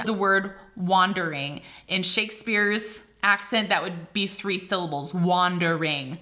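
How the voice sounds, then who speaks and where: A woman's voice: medium pitch, pushed and bright. An American woman explaining poetry in a casual video lesson, chatty and full of asides. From United States. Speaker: literature teacher.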